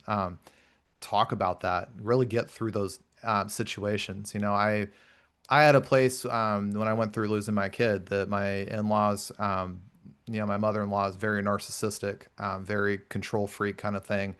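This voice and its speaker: A man in his thirties hosting a conversational podcast, with a fairly low voice. He is earnest and reflective, weaving personal stories into the talk. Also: little pitch movement, moderate pace, fairly bright tone, smooth. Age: 30s. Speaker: podcast host. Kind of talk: conversational interview.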